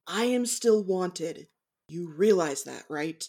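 A tabletop game player with a mid-pitched voice. Replies come out dry and measured. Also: expressive, dark tone. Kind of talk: casual tabletop play.

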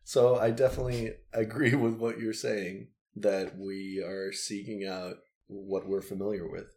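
Very deep-voiced man chatting casually. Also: level tone, measured pace, a little mellow. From Soviet Union. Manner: loose, joking, swears freely. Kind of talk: casual chat.

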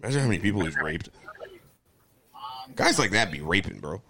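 A man co-hosting a video chat stream, teasing strangers in crude, loud joking banter over a headset. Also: big pitch swings, a little fast. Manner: loud, teasing, swings his pitch widely.

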